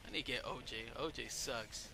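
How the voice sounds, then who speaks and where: A man giving casual let's play commentary over a wrestling game, excitable and swearing, yelling at the game and shouting out moves. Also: medium pitch, fairly quick, vocal fry, music in the background. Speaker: gameplay commentator.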